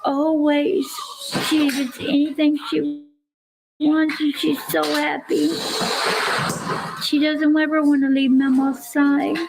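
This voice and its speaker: A woman's voice: high-pitched, little pitch movement, slow, gravelly, pauses often, background noise. An older woman, a grandmother, talking to viewers on a livestream, crying, pleading and defensive. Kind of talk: tearful livestream talk to viewers.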